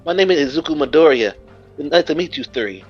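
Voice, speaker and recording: A man voicing a timid, polite bullied teenage boy who speaks softly and hesitantly, on a muffled recording. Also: fairly high pitch, animated, a little fast, husky, faint music behind. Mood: grateful.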